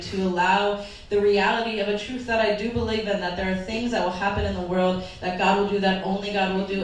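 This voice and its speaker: A woman pastor delivers an earnest, heartfelt sermon, her voice at times wavering near tears. She sits at a middle pitch and is picked up from some distance in a big church hall. The sound rings with heavy echo over a faint hum of room noise. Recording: echoey hall from far off.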